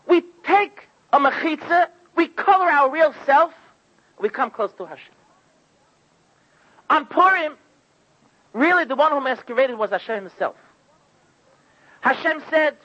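High, bright-voiced impassioned preacher man. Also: expressive, measured pace, long pauses. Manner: impassioned storytelling, acting out quoted voices. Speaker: rabbi giving a sermon. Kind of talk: sermon. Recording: dull lo-fi recording.

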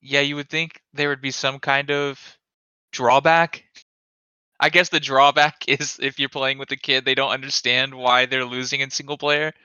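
A young man co-hosting a casual podcast, telling crude, excitable stories and laughing often. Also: medium pitch, moderate pace, clear, resonant tone, no echo, lo-fi sound. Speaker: podcast co-host. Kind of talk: casual chat.

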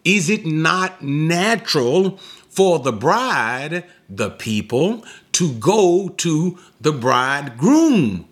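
Slow, lively-pitched male preacher. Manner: slow, deliberate teaching with emphatic rising questions. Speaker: pastor. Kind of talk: expository sermon.

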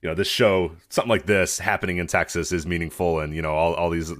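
A man hosting a podcast, easygoing and halting, often repeating words as he talks. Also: low voice, little pitch movement, a bit bright. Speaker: podcast host. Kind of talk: casual podcast chat.

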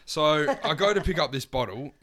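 A man's voice: on the high side, lively intonation, moderate pace, fairly bright tone. A young man telling a wild story among friends, swearing constantly and laughing as he goes. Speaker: podcast guest. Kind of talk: casual storytelling.

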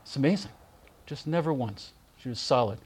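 A middle-aged man gently and warmly telling personal stories in a remembrance talk, with soft pauses. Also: medium pitch, expressive, slightly rough. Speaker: speaker giving a spiritual reflection.

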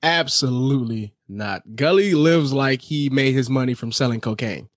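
A man's voice: medium pitch, normal speed, dry recording, studio quality. A man co-hosting a podcast, chiming in with wry, joking reactions in casual chat. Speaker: podcast co-host.

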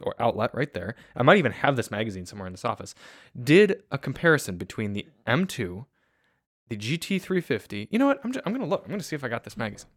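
A man's voice: mid-range voice, sing-song, fast, fairly bright tone, no echo, clean studio sound. A man co-hosting a car podcast, talking in a chatty, opinionated way about reviews. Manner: chatty, opinionated, lots of "like" fillers. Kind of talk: casual chat about cars.

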